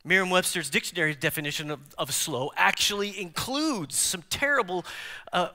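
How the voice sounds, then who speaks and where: A pastor in full preaching mode, his fairly high voice bright and ringing. He swings from loud, emphatic declarations down to hushed near-whispers and keeps checking in with the congregation. Long reverb from the church sanctuary trails behind every line. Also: normal speed. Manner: engages the congregation with direct questions. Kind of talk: sermon.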